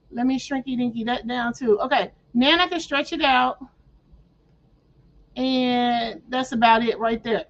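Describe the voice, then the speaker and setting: A woman with a high voice hosts a casual screen-share craft tutorial. She chats her viewers through each click with playful slang and clears her throat often. The audio is dull and lo-fi. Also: fairly bright tone.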